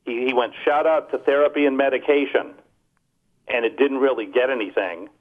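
A man's voice: mid-range voice, a little fast, narrow, tinny audio. A man co-hosting a casual comedy chat, telling stories with mocking impressions of people. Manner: animated, mocking impressions in storytelling. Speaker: comedian podcast co-host.

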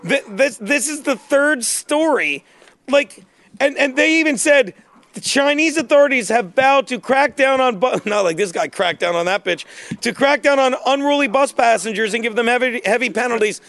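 High-voiced, ranting man. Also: moderate pace, a bit bright, dry recording. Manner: rambling, profane, ranting. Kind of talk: casual comedy chat.

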